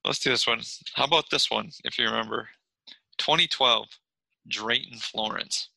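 A man's voice: medium pitch, moderate pace, vocal fry, pushed and bright, no echo, poor audio. A man hosting a sports podcast, leading the talk and making blunt, jokey put-downs of players. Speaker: podcast host. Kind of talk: casual sports chat.

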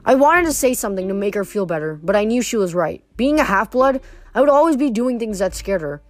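A woman's voice: medium pitch, animated, brisk, no room sound. A woman reading a novel aloud expressively, with occasional slips and restarts. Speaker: reader.

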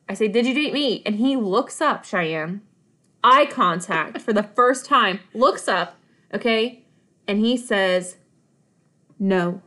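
A woman with a fairly high voice co-hosting a podcast. She tells a personal story casually and dramatically, punching her points with quick asides and often laughing as she talks. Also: fairly bright tone. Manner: emphatic, dramatic retelling with frequent asides; laughs while talking. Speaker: podcast co-host.

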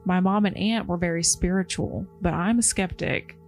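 A woman's voice: fairly low pitch, steady tone, moderate pace, a little mellow, faint music behind. A woman co-hosting a podcast, reading a paranormal story aloud and chatting casually; she calls herself easily scared. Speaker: podcast co-host.

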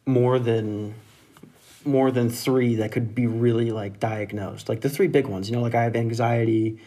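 Casting: young adult man, casual profane storyteller, average pitch, rambling monologue. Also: steady tone, normal speed, dark tone. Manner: rambling, profane, laughs at own jokes.

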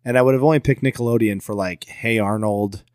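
A male podcast co-host talks casually and with enthusiasm. His voice sits on the low side. The sound is dry and close to the mic. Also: steady tone, a little fast, a little mellow, no echo. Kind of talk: casual chat.

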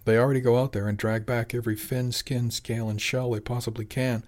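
A man's voice: mid-range voice, little pitch movement, fairly quick, darkish tone, lightly acted. A man voicing a blunt, slangy male animal who manages a fishing fleet, pressing his point in an audiobook.

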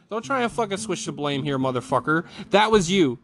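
A man's voice: fairly high pitch, expressive, brisk, few pauses, fairly bright tone, soft background music. A man ranting angrily about a movie, swearing often and mocking the studio with put-on quotes. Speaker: film reviewer.

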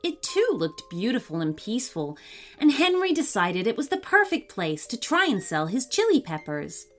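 Lively woman reading a children's story. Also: a little high. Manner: expressive, animated storytelling.

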